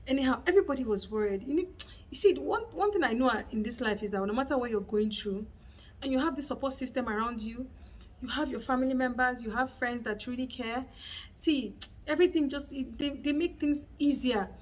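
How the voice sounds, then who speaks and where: Animated Nigerian woman telling a story. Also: high-pitched, fairly quick, distant mic, poor audio. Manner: animated, acts out her child's screaming. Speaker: mother and vlogger. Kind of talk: casual storytelling vlog.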